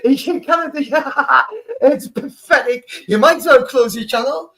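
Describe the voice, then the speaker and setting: A man hosting a live stream, blunt and sweary, talking fast and getting worked up. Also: very high-pitched, creaky, sharp tone. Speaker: stream host. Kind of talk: casual chat on a live stream.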